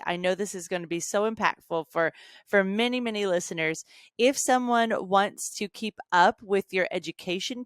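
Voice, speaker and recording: A woman's voice: medium pitch, a bit bright, smooth, no echo, studio quality. A woman hosting a podcast, giving listeners a reminder about a platform and thanking the guest. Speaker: podcast host. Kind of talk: podcast interview, wrapping up.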